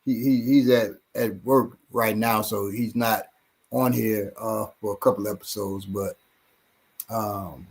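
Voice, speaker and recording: A man's voice: lowish voice, fairly even intonation, unhurried, creaky, slightly rough. A man co-hosting a casual podcast, rambling with repeated words, occasional swearing and easy laughs. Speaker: show co-host and self-defense trainer.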